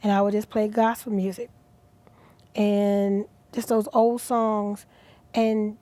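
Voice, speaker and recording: A middle-aged woman guest on a talk show, speaking earnestly and with feeling, at times dropping to a soft near-whisper. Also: medium pitch, slow, dry recording. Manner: earnest, animated, drops to soft near-whispers at emotional moments. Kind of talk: inspirational talk show interview.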